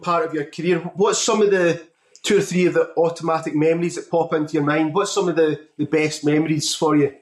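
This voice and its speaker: A man hosting a rock interview, asking questions in a halting, rephrasing way. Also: on the high side, fairly even intonation, echoey room, recorded from a distance. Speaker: podcast host.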